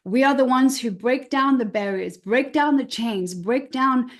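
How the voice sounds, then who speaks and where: High-voiced expressive woman coach. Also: a little slow. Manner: expressive, emphatic, repeats key words. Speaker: confidence coach. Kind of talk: motivational talk to listeners.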